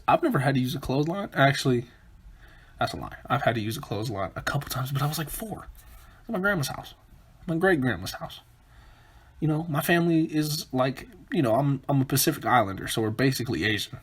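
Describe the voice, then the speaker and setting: A man hosting a comedic solo podcast, with a husky, breathy voice at a middle pitch. He rambles from one joke to the next and keeps interrupting himself. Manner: rambling, self-interrupting, jokey. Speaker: podcast host.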